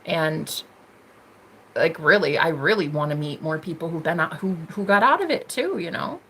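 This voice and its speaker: American woman streamer, bubbly and teasing, swings from squeals to murmurs; lively pitch, light background noise. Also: moderate pace. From United States. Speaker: livestream host. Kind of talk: casual livestream chat reading comments.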